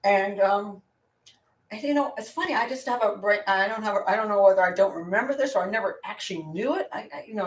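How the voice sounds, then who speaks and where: A woman's voice: medium pitch, a bit bright. A woman hosting a live Q&A as a criminal profiler, talking casually in a blunt, opinionated way, rambling and restarting her sentences. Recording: roomy sound from a distant mic.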